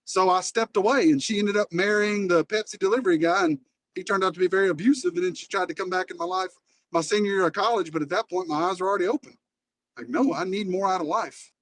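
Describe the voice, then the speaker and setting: A man's voice: high voice, fast talker, no room sound. A man on a podcast panel, joking and telling stories in a casual group chat over an online call. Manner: joking, storytelling, loud bursts.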